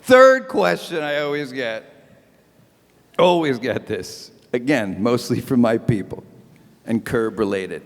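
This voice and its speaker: A man doing live stand-up comedy as host of an evening event, with an animated, punchy, wisecracking delivery. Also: medium pitch, slow, big-room sound. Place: event stage before a live audience.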